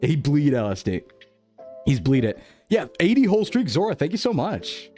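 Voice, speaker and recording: A man's voice: a little high, sing-song, normal speed, dark tone, soft background music. A young man chatting casually on a live stream, rambling, reading chat aloud and laughing often. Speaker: VTuber streamer.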